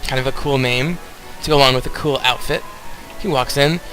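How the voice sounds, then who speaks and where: A man's voice: medium pitch, brisk, bright, forceful tone, faint music behind, rough recording. A young man casually commenting on a video game as he plays, rambling and talking straight to his viewers. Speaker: let's play host.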